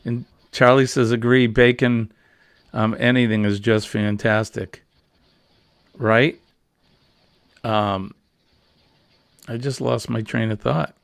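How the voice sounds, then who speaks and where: A man's voice: mid-range voice, steady tone, slow, vocal fry, pauses often, no room sound, studio quality. A middle-aged man hosting a casual morning chat show, rambling and jokey. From New England. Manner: rambling, jokey, easily amused. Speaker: host.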